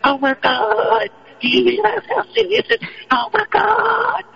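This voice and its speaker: A man voicing a panic-stricken, aghast man who gasps out drawn-out exclamations of shock. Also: extremely high pitch, animated, vocal fry, fairly bright tone, highs cut off, pitched above the performer's own voice, heavily acted. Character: shrieking, panic-stricken man, aghast at every new disaster.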